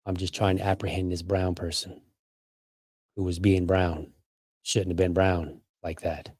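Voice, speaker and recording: Mopey, self-pitying cop, sighing, lower and quieter, as a podcaster puts him on. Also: male voice, level tone, measured pace, breathy edge, dry recording, studio quality. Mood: sulky. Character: sulky self-pitying male police officer.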